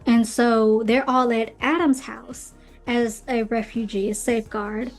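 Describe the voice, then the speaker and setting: A woman's voice: a little high, fairly even intonation, measured pace. A woman hosting her own podcast, casually recapping a book series in a chatty, opinionated way with playful asides. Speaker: podcast host reviewing books. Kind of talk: casual commentary. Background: faint background music.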